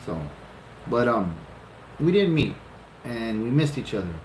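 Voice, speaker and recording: A man in his fifties tells the story of meeting his wife in a loose, animated way, acting out his own reactions and swearing freely. The room is roomy and echoey, with steady background noise. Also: mid-range voice, unhurried. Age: 50s. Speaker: husband telling how the couple met. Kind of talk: casual storytelling.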